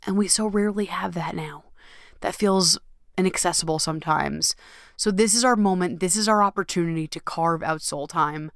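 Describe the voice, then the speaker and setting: A woman hosting her own podcast in a casual solo talk, gushing and animated, acting out little inner voices and swearing casually. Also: lowish voice, moderate pace, creaky, dry recording, studio quality. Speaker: podcast host.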